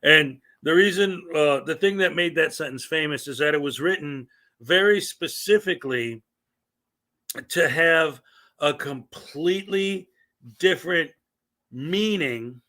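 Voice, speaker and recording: A man's voice: on the high side, a little slow, sharp tone. A man in his thirties hosting a casual livestream, chatting in a rambling way and greeting viewers in the chat. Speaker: livestream host.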